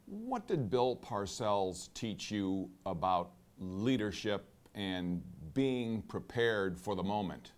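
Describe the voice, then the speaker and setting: A man interviewing a guest, asking long measured questions with statistics. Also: lowish voice, lively intonation.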